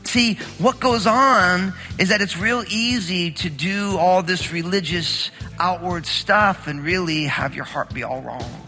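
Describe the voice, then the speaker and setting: Animated New pastor preaching in a hall. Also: male voice, sits high, a little slow, hardly any pauses, over music. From New Jersey. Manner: animated, storytelling, shifts between quiet scripture reading and emphatic teaching. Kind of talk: sermon.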